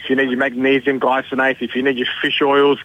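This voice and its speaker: A man's voice: mid-range voice, completely flat delivery, fast talker, no echo, phone-quality sound. A man, a store manager, chatting on radio with upbeat, salesy storytelling. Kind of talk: radio promo chat.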